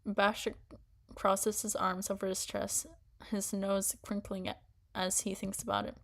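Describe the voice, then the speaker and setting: A woman's voice: mid-range voice, little pitch movement, measured pace. A young woman chatting casually and reading a story aloud, often restarting her words. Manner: stumbling, restarting, giggly.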